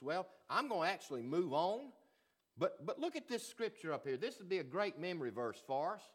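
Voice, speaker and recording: A man preaching a sermon as pastor, swinging from loud emphatic lines to quiet, low ones. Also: sing-song, normal speed, slightly rough.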